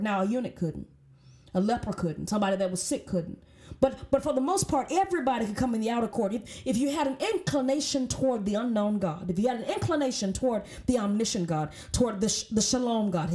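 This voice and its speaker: A woman's voice: a little high, a little mellow. A woman teaching a Bible study, reading scripture aloud and explaining it in an emphatic way, often repeating her words.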